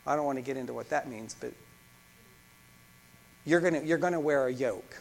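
A man's voice: mid-range voice, fairly quick, creaky, pauses often. A man preaching a sermon as pastor, fervent, with frequent repeated restarts.

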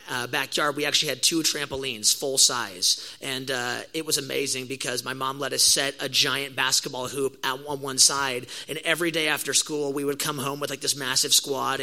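A young man preaching a sermon in a high, very bright voice. He tells a story the casual way, heavy on slang and full of energy, then leans into the message. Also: low-quality recording. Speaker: pastor.

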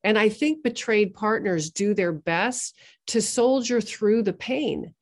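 A woman guest on a podcast, telling a story in an earnest, measured way with pauses. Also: medium pitch, expressive. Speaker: guest therapist. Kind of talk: podcast interview.

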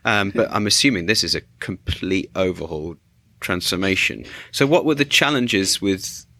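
Male podcast host, low and bright, dry close sound, rambling questions. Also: animated, normal speed, dry recording. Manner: long rambling questions with restarts. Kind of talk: interview questions.

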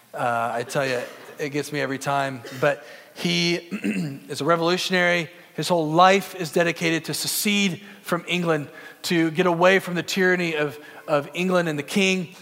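Young male pastor, earnest conversational sermon, lightly raised pitch, long hall reverb. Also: vocal fry, fairly bright tone. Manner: earnest, conversational with film references.

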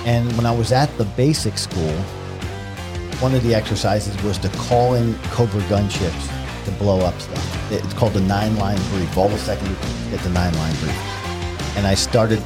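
A middle-aged man from New York, a podcast guest, telling stories in a vivid, animated way. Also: on the low side, normal speed, over loud music. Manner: vivid, animated retelling with acted-out quotes. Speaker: guest, retired Marine helicopter pilot. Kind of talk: conversational storytelling.

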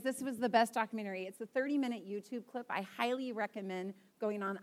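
A young woman preaching to a church congregation, chatty and open in a self-deprecating storytelling way. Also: medium pitch. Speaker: guest preacher. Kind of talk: casual sermon to a congregation. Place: church sanctuary.

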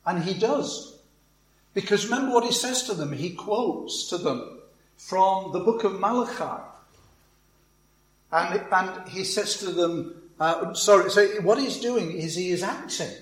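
A man's voice: high voice, echoey room, low-quality recording. A man preaching a conversational sermon, with asides and repeated words.

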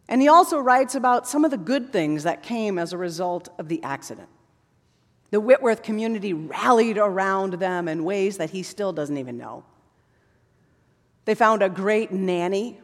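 Woman preaching a sermon, earnest then soft and hushed, big echoey church hall. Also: mid-range voice, lively intonation, unhurried. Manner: earnest, builds to fervent passages, drops to soft hushed endings. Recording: long hall reverb.

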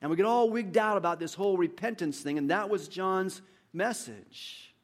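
A male pastor delivering a sermon with a fairly high-pitched voice. He preaches in an animated, dramatic way, jumping from loud, acted-out outbursts to quiet, conversational remarks. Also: moderate pace. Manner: animated, acts out quotes with big swings in loudness.

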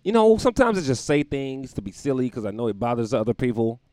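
A man hosting his own show in a loose, joking monologue, wandering from one thought to the next and chuckling at his own lines. His pitch swings up and down with lively energy. The sound is dry and close, recorded in a room at home. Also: fast talker, clean tone, no echo. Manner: rambling, joking, laughs at his own jokes. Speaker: podcast host. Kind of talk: casual comedic monologue. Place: room at home near windows.

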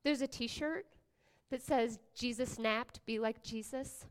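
A woman pastor preaches a sermon at a slow pace in a slightly high voice. She swings from hushed whispers to loud exclamations and tosses playful asides to the congregation.

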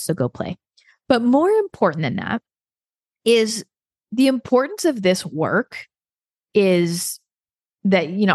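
A woman hosting her own podcast, telling a story in a chatty, animated way, often laughing and acting out quoted dialogue. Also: medium pitch, slightly rough, dry recording, studio quality. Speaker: podcast host. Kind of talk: casual solo podcast storytelling.

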